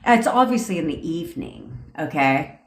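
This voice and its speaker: A woman with a low, sing-song voice at normal speed coaches manifestation during a casual livestream chat. She's brash and profane and laughs often, and the room she's in is echoey.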